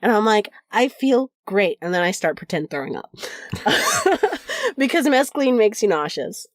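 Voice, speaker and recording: A woman's voice: mid-range voice, huge pitch swings, moderate pace, no room sound, studio quality. A woman co-hosting a podcast, casually recounting an anecdote and acting out the quoted voices, laughing often. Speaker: podcast co-host. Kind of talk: casual storytelling chat.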